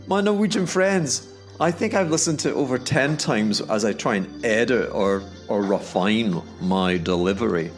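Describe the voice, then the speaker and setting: A middle-aged Scottish man with a Glaswegian accent, hosting a solo podcast monologue in a theatrical way, his voice leaping high for emphasis. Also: expressive, normal speed. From Scotland. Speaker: podcast host. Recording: faint background music. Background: music playing underneath.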